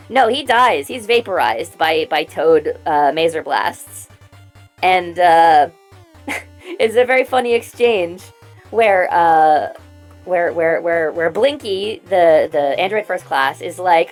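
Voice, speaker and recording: A young adult woman streaming, chatting casually and rambling excitedly through trivia with quick restarts. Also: mid-range voice, soft background music.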